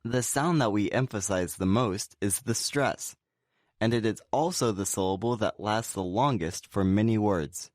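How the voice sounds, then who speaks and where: Lower-voiced man explaining pronunciation. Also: no echo, clean studio sound. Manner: relaxed explaining with slow, clear example words. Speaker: pronunciation teacher. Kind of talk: scripted co-hosted lesson.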